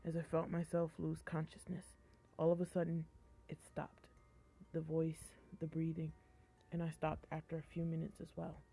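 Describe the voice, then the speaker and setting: A young woman streamer reading a horror story aloud in a flat, even tone, stumbling over words and chatting between passages. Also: sits low, moderate pace, gravelly, husky, soft background music. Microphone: phone mic. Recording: tinny phone-like live-stream audio.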